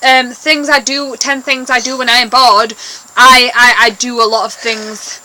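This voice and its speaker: A woman's voice: fairly high pitch, flat delivery, unhurried, pushed and bright, a little hiss or hum, rough recording. A woman chatting casually to camera as a vlogger, bossy and talkative toward her brother.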